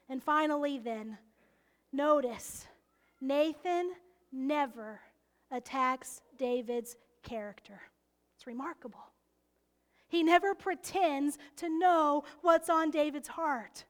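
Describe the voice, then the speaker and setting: High-voiced, expressive woman preaching. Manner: expressive, often laughing, drops to hushed whispers for emphasis. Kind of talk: sermon.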